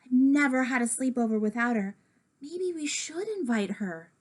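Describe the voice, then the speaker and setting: A woman's voice: high-pitched, lively intonation, normal speed. A woman voicing a young schoolgirl in a storybook read-aloud, worried and kind.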